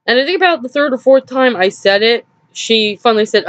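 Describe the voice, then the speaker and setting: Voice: medium pitch, fairly quick, few pauses, lo-fi sound. A vlogger telling a personal story in a rambling, hesitant way, with nervous little laughs, sounding upset and drained.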